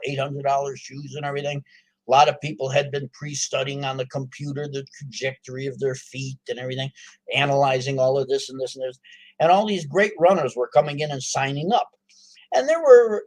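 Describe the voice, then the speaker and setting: Animated folksy male storyteller. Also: on the high side. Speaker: author. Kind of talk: storytelling to a live audience.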